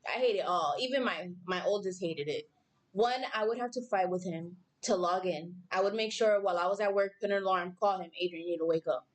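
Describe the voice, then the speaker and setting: A woman's voice: mid-range voice, brisk. A woman in her thirties, a podcast guest, talking frankly and venting in casual chat.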